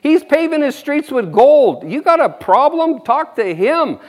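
A man's voice: very high-pitched, sing-song, measured pace. A man preaching an informal sermon, rambling and folksy, with frequent amens and chuckles.

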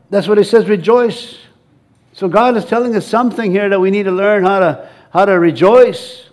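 A male pastor delivering a sermon in a church. His voice sits a bit high for a man, and he keeps coaxing the congregation to call back and join in. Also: a little mellow.

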